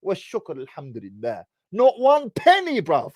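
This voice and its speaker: An English man in his thirties spins a personal story straight to camera, teasing his viewers in thick street slang. His voice sits a little high and swoops all over the place. The sound is dry and close. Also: measured pace, dry recording. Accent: British, English. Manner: animated, teasing, heavy on slang. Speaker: vlogger. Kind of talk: casual storytelling monologue.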